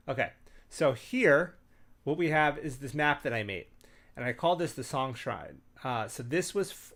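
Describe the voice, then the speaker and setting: Hosting a casual tabletop gaming chat, this medium-pitched man shares game-master tips over a computer mic while screen sharing. He's an animated storyteller who rambles, full of fillers and restarts.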